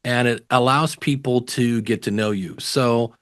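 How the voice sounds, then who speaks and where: Middle-aged man, animated storyteller, dry sound. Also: mid-range voice, unhurried, dry recording. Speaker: podcast guest, podcasting teacher. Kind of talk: casual interview chat.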